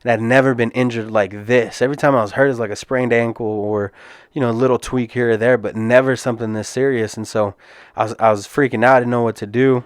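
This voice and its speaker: A man's voice: medium pitch, steady tone, fast talker, smooth, no echo, clean studio sound. Earnest man telling a fight story. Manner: earnest, casual, many restarts and repeated words. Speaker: podcast host and MMA fighter. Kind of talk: personal storytelling.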